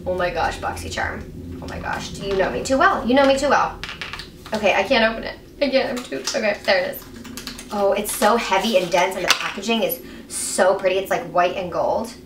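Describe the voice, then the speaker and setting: A young woman beauty vlogger talks briskly in a mid-range voice while unboxing, gushing and gasping with breathless excitement. The recording sounds echoey, with a distant mic and faint hiss.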